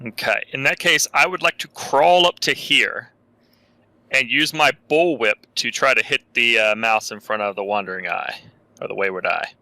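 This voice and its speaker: A man's voice: medium pitch, moderate pace, bright, forceful tone, dry recording, low-quality recording. A man playing a tabletop game with friends, declaring his character's moves and asking rules questions. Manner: asks rules questions before acting. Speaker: player. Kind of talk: casual tabletop game play.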